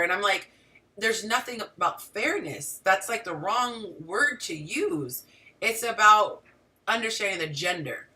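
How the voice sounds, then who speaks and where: A woman's voice: mid-range voice, measured pace, recorded from a distance. A woman hosting a casual livestream as a relationship coach, talking animatedly and straight to her viewers with frequent asides. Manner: animated, talks to the audience directly with frequent asides. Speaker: relationship coach and show host.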